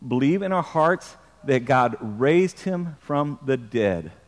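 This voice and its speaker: A man's voice: mid-range voice, expressive, slow, long reverb tail. A man preaching a sermon as pastor, emphatic, repeating words and drawing the congregation into responses.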